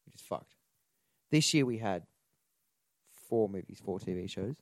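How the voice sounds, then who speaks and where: A man's voice: fairly low pitch, animated, unhurried, long pauses, a little mellow, dry recording. A man co-hosting a podcast in casual chat, joking and swearing as he rambles about movies. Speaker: podcast co-host.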